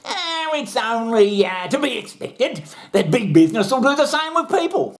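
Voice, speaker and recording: A man's voice: very high-pitched, very animated, normal speed. An Australian man hosting a comedy show, rambling and swearing through a sarcastic rant. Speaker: comedy host. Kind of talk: comic rant.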